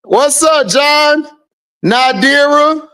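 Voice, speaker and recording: Loud teasing livestream host, high voice. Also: extremely slow. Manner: loud, teasing, repeats taunts with bursts of laughter. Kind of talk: casual livestream trash talk.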